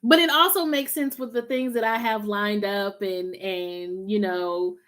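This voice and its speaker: A woman's voice: mid-range voice, unhurried, fairly bright tone. A woman from Los Angeles with a Southern country drawl, chatting casually to viewers on a spiritual live stream, slangy and informal with frequent laughs. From Los Angeles, USA.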